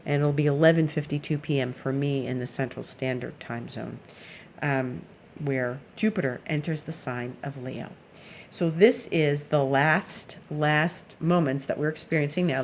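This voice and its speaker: Astrologer woman with a low voice, rambling easy forecast talk. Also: a little mellow, slight background noise. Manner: chatty and meandering, laughs while telling stories. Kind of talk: casual weekly astrology forecast.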